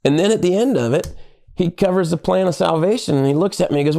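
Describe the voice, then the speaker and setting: A middle-aged man, a pastor and podcast guest, telling animated stories in casual conversation and acting out the lines of people he quotes. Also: a little high, fairly quick, creaky.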